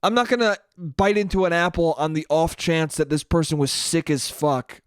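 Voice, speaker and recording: A man's voice: on the high side, fairly even intonation, moderate pace, clean tone, no echo, studio quality. A young man hosting a solo podcast, rambling through a profane comedic monologue and laughing at his own jokes. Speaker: podcast host.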